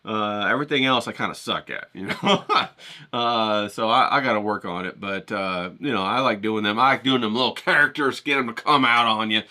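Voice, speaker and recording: Guy vlogging to his viewers, very bright edgy voice, jokey and rambling, swears a lot. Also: fairly low pitch, fairly quick. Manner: joking, rambling, profane, talks straight to viewers. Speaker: painter and vlogger. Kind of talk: casual talk to camera.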